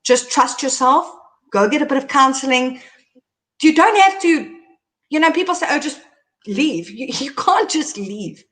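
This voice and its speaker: A middle-aged woman, hosting and candidly telling her own story, animated as she recounts events. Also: sits high, moderate pace. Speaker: host.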